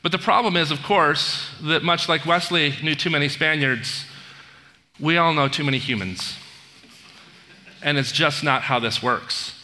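A man's voice: fairly high pitch, a little slow, bright, forceful tone. A man preaching a conversational sermon, telling a story with asides and questions to the congregation. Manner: storytelling, retells film scenes with asides and audience questions. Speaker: pastor. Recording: long hall reverb.

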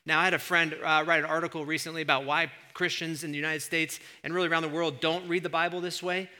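A man preaching a sermon as pastor, in a conversational, animated way that acts out quotes. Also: a little high, fast talker.

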